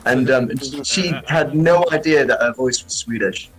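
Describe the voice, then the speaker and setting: A man's voice: mid-range voice, normal speed, a bit bright, faint music behind, rough recording. A man co-hosting a podcast, telling jokey stories in casual banter with friends and swearing freely. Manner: swearing, joking storyteller. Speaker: podcast co-host.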